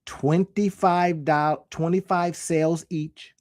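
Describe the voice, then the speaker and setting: An online business coach talks casually to camera in a slightly high, darkish voice, keeping a steady tone and a slow pace. He's folksy and emphatic, repeating phrases to drive his points home.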